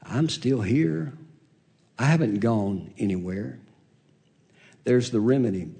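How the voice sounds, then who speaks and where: A male preacher of ordinary pitch delivers a sermon in a gentle, unhurried way rather than shouting. He reads scripture in its old wording and drops to near silence when voicing God. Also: vocal fry, breathy edge. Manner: soft-spoken, dropping to a whisper for God's voice.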